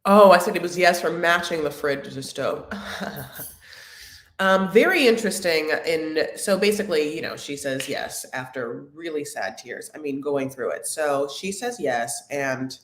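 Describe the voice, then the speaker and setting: A woman's voice: deep voice, lively intonation, measured pace. A woman hosting a live chat recap of a reality show, sassy and chatty, calling her viewers honey. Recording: echoey room.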